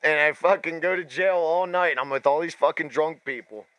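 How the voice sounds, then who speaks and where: A man hosting a podcast, telling profane stories in a casual, animated way and acting out the voices of the people in them. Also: fairly high pitch, moderate pace, clear, resonant tone, no echo. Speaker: podcast host. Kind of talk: casual storytelling.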